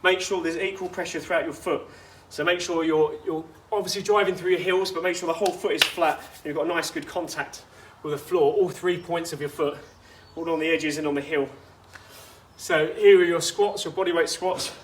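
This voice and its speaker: A man's voice: on the high side, steady tone, fairly quick. A man coaching a workout outdoors, chatty and instructive with personal asides. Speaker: fitness coach.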